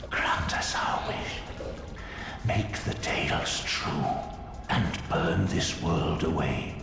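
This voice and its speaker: A whispering, gravelly villager. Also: male voice, rumbling low, slow pace, heavily acted. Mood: pleading. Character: desperate whispering rot-afflicted male villager pleading for fire. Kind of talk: video game voice acting. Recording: echoey game audio with loud music.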